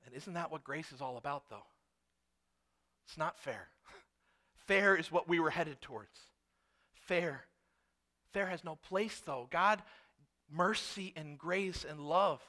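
Man, middle-aged pastor, bright high voice, animated sermon storytelling. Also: a little slow. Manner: animated storytelling, acts out quotes.

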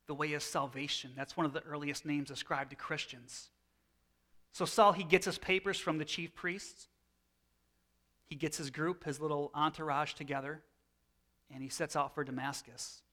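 A man in his thirties preaching a sermon. He teaches in a loose, conversational way and often restarts his phrases. His voice sits on the higher side for a man. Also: bright, forceful tone. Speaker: pastor.

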